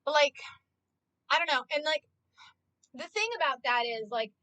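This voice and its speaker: Woman streamer, excitable, swears a lot, high bright voice, dry close sound. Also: moderate pace, dry recording, poor audio. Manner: passionate and ranting. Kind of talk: casual live-stream chat.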